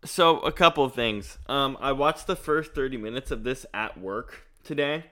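A man co-hosting a podcast, chatting casually about a movie and telling animated stories about watching it. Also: medium pitch, moderate pace. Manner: animated storytelling, laughing as he retells scenes. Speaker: podcast co-host. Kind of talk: casual movie-review chat.

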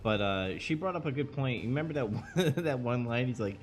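A man's voice: mid-range voice, animated, a little fast. A man co-hosting a casual podcast chat, rambling with many ums and uhs. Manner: rambling, hesitant, many fillers. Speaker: podcast co-host.

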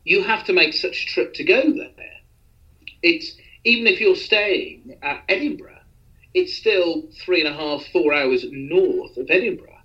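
A man's voice: on the high side, a little slow, lo-fi sound. A man hosting a podcast, talking in a rambling, self-deprecating casual way with many restarts. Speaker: podcast host.

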